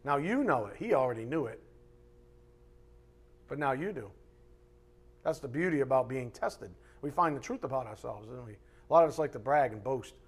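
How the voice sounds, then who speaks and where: A male pastor preaching a live sermon, reading scripture aloud and acting out voices in lively asides. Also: medium pitch, normal speed, long pauses, husky. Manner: animated preaching, reads scripture aloud, acts out God's voice in asides. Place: church sanctuary.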